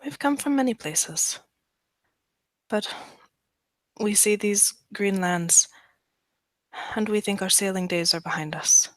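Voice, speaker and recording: A woman voicing a formal, measured Norse seafaring woman in a tabletop game. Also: medium pitch, no echo, natural voice.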